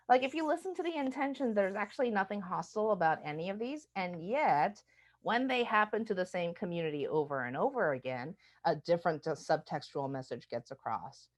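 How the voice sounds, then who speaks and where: A woman's voice: mid-range voice, a little fast. A woman from the United States giving a conversational talk as a diversity speaker, often asking "right?". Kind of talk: recorded webinar talk. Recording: muffled lo-fi webinar audio.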